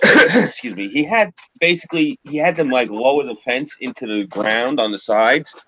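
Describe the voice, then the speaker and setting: A man's voice: medium pitch, animated, moderate pace, pushed and bright, poor audio. A man telling a rambling neighborhood anecdote in casual podcast chat. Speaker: podcast co-host.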